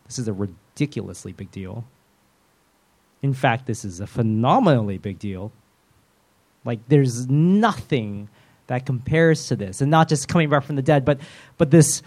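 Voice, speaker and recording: A male preacher with a somewhat high voice delivers his sermon conversationally. He acts out prayers and quoted lines in shifting voices. He mixes in self-aware, humorous asides. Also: lively intonation, moderate pace, a little mellow.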